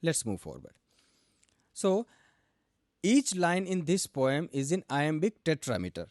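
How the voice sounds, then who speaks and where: Indian male teacher, young adult, lively pitch, dry close sound, explains step by step. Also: a little slow, no echo. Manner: explains step by step, asks and answers own questions; switches between English and Hindi. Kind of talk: explanatory lesson.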